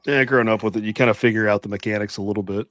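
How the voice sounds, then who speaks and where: A man's voice: fairly low pitch, steady tone, rapid-fire, a bit bright, dry recording. A man who grew up on a farm, co-hosting a casual talk stream with dry, teasing asides. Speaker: podcast co-host. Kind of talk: casual chat.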